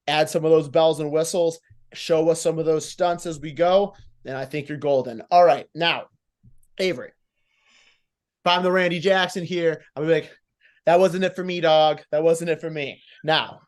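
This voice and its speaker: Male competition judge, high voice, blunt coaching critique, acts out examples. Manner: blunt, coaching, acts out moves and lines, casual swearing. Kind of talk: live critique of wrestling promos.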